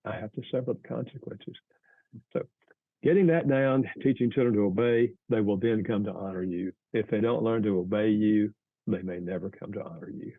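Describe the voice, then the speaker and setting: An earnest male guest explains family advice in a measured, teacherly way, with a fairly low voice. He speaks over a tinny, phone-like line that sounds dry and close. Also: no echo. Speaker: author and guest. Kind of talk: advice in an interview.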